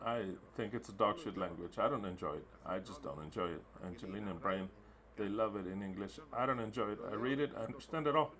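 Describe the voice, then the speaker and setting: A man's voice: on the low side, fast, a bit bright. A man interpreting a sermon into English live, emphatic and repetitive, with blunt wording.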